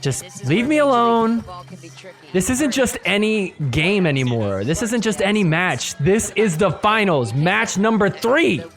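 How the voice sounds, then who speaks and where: Excitable man calling pickleball play-by-play. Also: high-pitched, measured pace, faint music behind. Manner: excitable, shouts at big points. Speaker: podcast host. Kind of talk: play-by-play commentary over match footage.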